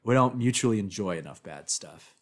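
A man's voice: lowish voice, expressive, brisk. A man co-hosting a podcast, talking casually and rambling with lots of filler words. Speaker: podcast co-host. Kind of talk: casual chat.

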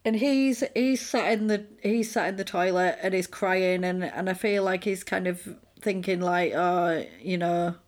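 A woman, co-hosting a podcast and recapping a film in a casual chat, animated and acting out quotes. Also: mid-range voice, moderate pace, hardly any pauses. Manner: animated storyteller, acts out quotes.

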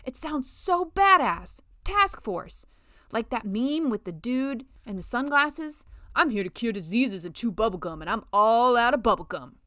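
A woman voicing an excitable, blunt young female lab mate. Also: mid-range voice, fairly quick, few pauses, dry recording, studio quality. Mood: excited.

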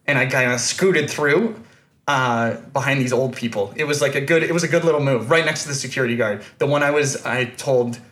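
A man's voice: medium pitch, fairly quick, fairly bright tone. A man telling a long, rambling story on a podcast, full of restarts and fillers. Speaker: podcast host. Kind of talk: casual storytelling chat.

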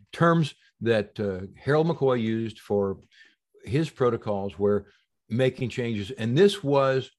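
A man being interviewed as a healing practitioner on a long-form podcast, telling stories in an animated, emphatic way that swings between loud and soft. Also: fairly low pitch. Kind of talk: casual interview talk.

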